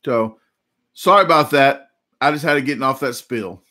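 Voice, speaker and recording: A man's voice: mid-range voice, normal speed, bright, forceful tone. A man in his forties with a Southern US accent, hosting a casual live chat and telling rambling, jokey stories. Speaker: livestream host.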